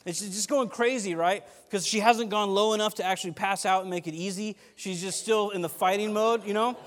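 A man preaching a casual, rambling sermon, self-deprecating and growing animated as he tells stories. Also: high-pitched, a little fast. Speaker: pastor. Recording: long hall reverb.

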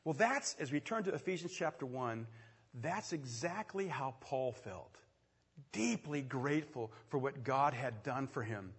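A man preaching a sermon, telling the story with quick asides and sudden loud swells. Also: medium pitch, animated, breathy edge. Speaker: pastor. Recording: echoey hall with long reverb.

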